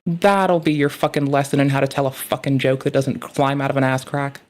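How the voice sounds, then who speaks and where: A man's voice: mid-range voice, little pitch movement, fairly quick. A man ranting bluntly in heavily profane casual talk. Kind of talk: casual rant.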